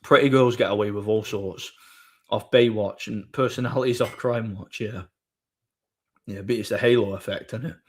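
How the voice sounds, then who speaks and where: A man's voice: on the low side, steady tone, normal speed, husky. Rambling man chatting on stream. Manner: rambling storyteller, frequent restarts; blunt, crude banter. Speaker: live-stream host. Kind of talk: casual live-stream chat.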